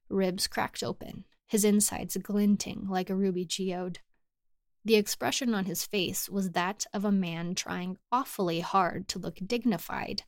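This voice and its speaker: A woman narrating a short story for a podcast in a measured, even storytelling manner. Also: mid-range voice, vocal fry, no echo, clean studio sound. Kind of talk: scripted fiction narration.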